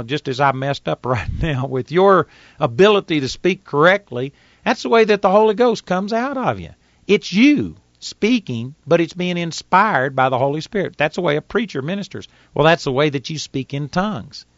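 A man's voice: a little high, no room sound, lo-fi sound. A man with a Texas accent, teaching from the Bible in a folksy, plainspoken sermon and reading scripture aloud. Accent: Texan. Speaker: preacher.

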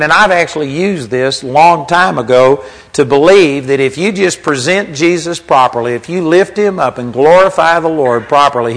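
A preacher man with a slightly raised pitch delivers a sermon. He talks in an easygoing, conversational teaching manner and reads scripture aloud along the way. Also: a bit bright, poor audio.

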